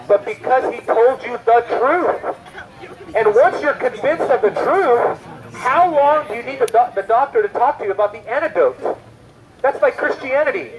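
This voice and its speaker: A man's voice: extremely high pitch, poor audio. A man preaching an evangelistic sermon, stressing his points and asking the listeners one rhetorical question after another. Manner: emphatic, full of rhetorical questions.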